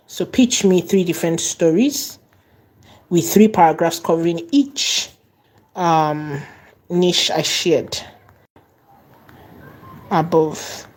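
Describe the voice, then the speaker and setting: A woman teaching an online course, repeating and stressing key words and slowing down as she dictates. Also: deep voice, a little mellow, husky. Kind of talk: tutorial lesson.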